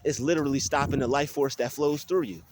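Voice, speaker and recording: A young man vlogging on his phone while walking outdoors in a field, talking in an animated, ranting way with many restarts. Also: mid-range voice, quick pace, background noise. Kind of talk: casual vlog monologue. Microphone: phone held while walking.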